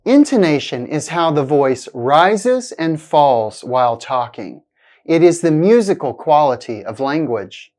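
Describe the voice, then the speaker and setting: A woman teaching a pronunciation lesson in a scripted, clear manner, stretching out example sentences. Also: low-pitched, big pitch swings, darkish tone. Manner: clear, deliberate, exaggerated intonation in examples.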